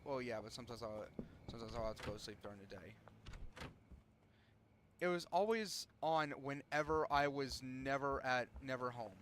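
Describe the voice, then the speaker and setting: A man's voice: medium pitch, fairly quick, fairly bright tone, a little hiss or hum. Rambling young man streaming a game. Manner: rambling, self-interrupting, trails off. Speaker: gaming streamer. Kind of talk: casual gameplay commentary.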